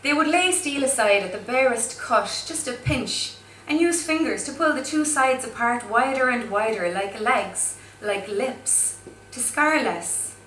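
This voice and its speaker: Brief: woman spoken word poet, bright high voice, mic set back in an echoey pub room. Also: animated, recorded from a distance, slight background noise. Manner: wry, chatty between pieces, slow and deliberate in poems. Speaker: guest poet.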